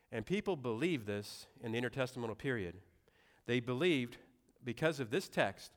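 A man's voice: mid-range voice, fairly bright tone. A young adult man preaching a sermon in a conversational way, with asides and rhetorical questions. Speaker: pastor.

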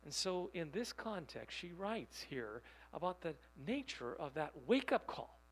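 A man preaching a sermon, reading quotations slowly and putting rhetorical questions to his listeners. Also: on the high side, sing-song, a bit bright, poor audio. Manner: emphatic, rhetorical questions to the audience; reads quotations aloud slowly.

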